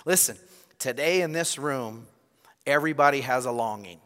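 A man's voice: medium pitch, normal speed, a bit bright. A man preaching a sermon as pastor, earnest and direct, appealing straight to his congregation in a church. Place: church sanctuary. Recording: long reverb of a large hall.

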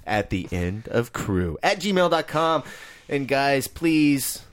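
A man's voice: mid-range voice, sing-song, slow. A man who hosts a casual movie podcast, joking with friends and wrapping up the episode with plugs. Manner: joking, wraps up the show with plugs. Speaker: podcast host, film editor.

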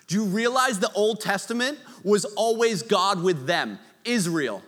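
A man preaching a sermon, conversational with joking asides, swinging from loud to hushed. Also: high voice, animated, a little slow, hardly any pauses, in a large hall. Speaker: pastor.

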